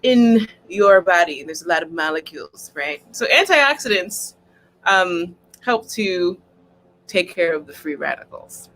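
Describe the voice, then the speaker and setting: A young woman co-host explaining science in a soft, slow, whispered role-play voice over a video call. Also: fairly low pitch, expressive, a little hiss or hum. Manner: soft, slow, teacherly ASMR-style explaining.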